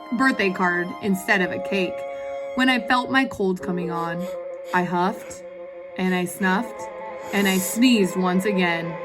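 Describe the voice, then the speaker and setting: A woman's voice: medium pitch, lightly acted. A woman reading as a wronged wolf narrator. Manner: storytelling, confiding and indignant. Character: sniffly, self-pitying male wolf telling his side. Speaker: guest reader. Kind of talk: storybook read-aloud. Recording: background music under the voice.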